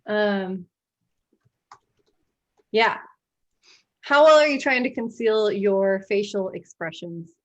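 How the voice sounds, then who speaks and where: A woman running a tabletop game as game master, narrating in a halting way with frequent fillers. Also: mid-range voice, dull audio.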